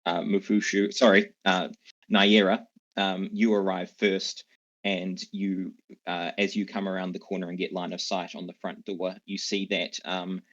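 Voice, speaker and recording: Deep, husky, rambling dungeon master; man; dull lo-fi sound. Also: measured pace. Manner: relaxed, rambling, many fillers. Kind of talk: narrating a tabletop game online. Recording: dull lo-fi mic.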